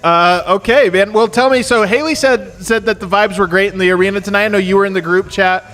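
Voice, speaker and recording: A man hosting a casual live sports talk show, chatty and quick to laugh. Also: high-pitched, steady tone, fairly bright tone, soft background music. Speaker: host.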